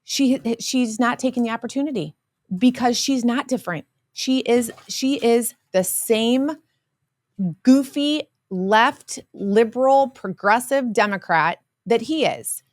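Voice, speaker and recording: A woman's voice: a little high, unhurried, no room sound. A woman co-hosting a political podcast, with an American accent, speaking in an emphatic, scornful way. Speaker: podcast co-host. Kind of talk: political commentary chat.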